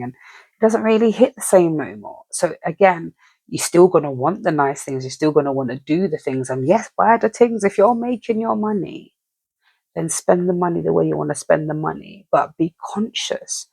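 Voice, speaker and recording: Gravelly, rambling spiritual reader. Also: medium pitch, lively intonation, moderate pace, a little mellow, dry recording. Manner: rambling, chatty, keeps asking "you know what I mean". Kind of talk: casual channeled message.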